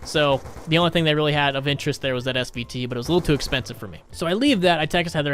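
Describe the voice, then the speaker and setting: Fast-talking profane gamer guy. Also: a little high, a bit bright, a little hiss or hum. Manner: rambling, profane ranting. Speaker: gaming YouTuber. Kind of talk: casual gameplay commentary.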